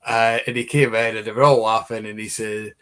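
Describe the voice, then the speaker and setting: A man's voice: lowish voice, little pitch movement, brisk, fairly bright tone, clean tone. A man, co-hosting a live chat and telling a rambling story full of restarts. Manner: rambling, with many fillers and restarts. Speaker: co-host, tour guide.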